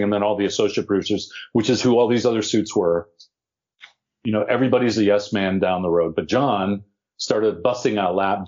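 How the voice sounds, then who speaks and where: Animated man with a dull lo-fi sound. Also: fairly low pitch. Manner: animated, acts out quotes of others. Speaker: actor telling a story. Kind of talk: casual storytelling.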